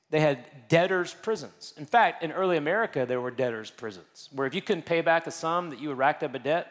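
A man preaching a sermon in a conversational, joking way, speeding up and slowing down as he explains. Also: fairly high pitch, a bit bright, long reverb tail. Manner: conversational and joking, with big swings in pace. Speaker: pastor.

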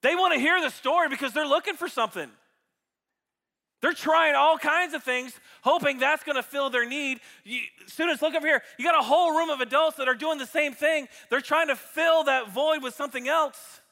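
Male pastor, very high voice, animated sermon, acts out examples, echoey church hall. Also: moderate pace, gravelly. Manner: animated, jokey, acts out illustrations. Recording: reverberant hall.

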